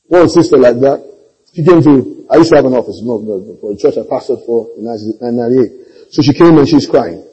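A male pastor preaches a sermon in a medium-pitched, brisk voice with a breathy edge, captured with lo-fi sound. He's animated, tells stories, and keeps calling for amens.

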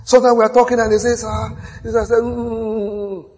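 Pastor preaching in a reverberant hall. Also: male voice, very high-pitched, flat delivery, brisk. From Nigeria. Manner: storytelling with quoted dialogue, rising to shouts. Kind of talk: sermon.

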